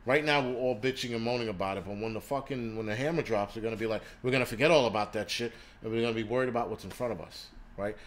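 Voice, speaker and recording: A man's voice: medium pitch, fast talker, few pauses. Heated, profane male livestream ranter. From United States. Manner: heated, profane, stammering restarts. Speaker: livestream host.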